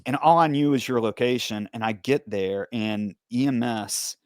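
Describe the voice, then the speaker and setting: A man's voice: mid-range voice, moderate pace, no echo. Male podcast host, dry close sound. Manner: steady, leading questions, recounting events. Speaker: podcast host, former police officer. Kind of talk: conversational interview.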